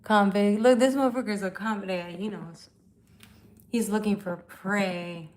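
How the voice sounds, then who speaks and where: A woman of middle pitch hosts a live tarot stream into her phone. She talks bluntly and swears freely. She calls out commenters without holding back. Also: steady tone, a little slow. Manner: blunt, profane, confrontational. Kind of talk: casual live-stream chat.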